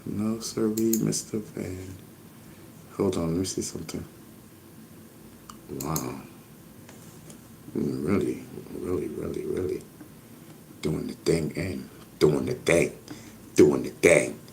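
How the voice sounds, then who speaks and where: Over a faint hiss or hum, a man with a gravelly, slightly mellow bass voice hosts a relaxed livestream, speaking slowly and pausing often. He reads out viewer comments and plays off them using the same catchphrases again and again.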